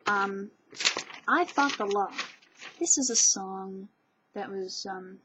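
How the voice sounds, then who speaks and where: A woman's voice: medium pitch, slow, background noise. A woman vlogger rambling in a casual monologue, gushing, chatty and digressive.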